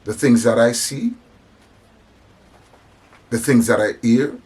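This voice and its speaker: A mid-range, slightly mellow voice with a breathy edge takes its time as a man of African descent preaches with passion about compassion. Speaking on religion and society, he uses emphatic repetitions and restarts.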